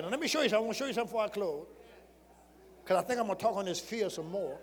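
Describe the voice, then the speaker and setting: A man preaching a sermon, telling folksy stories that swing from murmured asides to shouted exhortation. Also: high-pitched, fast, in a large hall. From rural Southern United States. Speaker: pastor.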